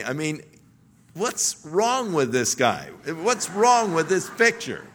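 A male preacher delivers an earnest sermon and leans into emphatic exclamations. His voice is bright and forceful. He takes his time, speaking slowly and deliberately. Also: a little high, wildly swooping pitch, a little hiss or hum.

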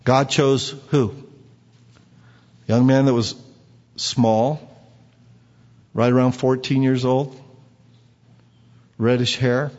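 Male preacher, mid-pitched, lively and questioning; muffled recording with long hall echo. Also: slow, long pauses. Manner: lively, quizzes the congregation, acts out quotes. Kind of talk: sermon.

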